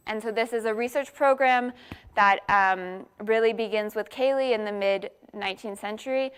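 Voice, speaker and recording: A woman's voice: on the high side, smooth. A woman giving an academic conference talk, explaining points step by step with frequent fillers and restarts. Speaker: workshop speaker.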